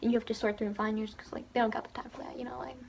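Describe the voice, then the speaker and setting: A woman's voice: a little high, fairly even intonation, very fast, vocal fry. A teenage girl telling a story on her vlog in a gushing, giggly way, with lots of fillers and laughter. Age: teens. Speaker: vlogger. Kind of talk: excited storytelling.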